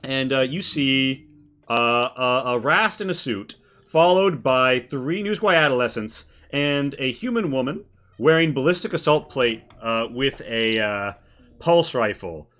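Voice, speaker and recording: A man with a bright, forceful voice narrates as game master for a tabletop role-playing session. He talks casually, full of fillers, and slides easily between rules and story. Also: mid-range voice, lively intonation, a little slow.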